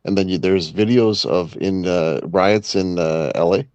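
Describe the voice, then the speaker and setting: A man from Canada co-hosting a podcast, talking haltingly in casual chat with many fillers and chuckles. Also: sits low, darkish tone, clean tone, dry recording. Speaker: podcast co-host. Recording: dull lo-fi sound.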